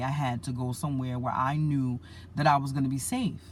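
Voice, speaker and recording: A woman's voice: rumbling low, fairly even intonation, brisk, darkish tone, slight background noise. A woman preacher earnestly retelling a dream to her listeners, repeating herself and calling them family. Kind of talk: spoken religious message.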